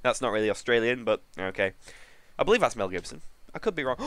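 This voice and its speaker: Excitable English gamer, gravelly voice. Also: male voice, medium pitch, quick pace, crowd noise. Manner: excitable, joking, self-mocking. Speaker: gaming YouTuber. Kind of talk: let's play commentary.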